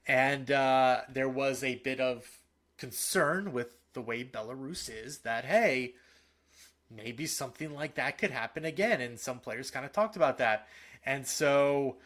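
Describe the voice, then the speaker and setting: A man co-hosting a casual sports podcast. He talks in an animated, opinionated way and often restarts his sentences. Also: medium pitch, unhurried. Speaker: podcast co-host.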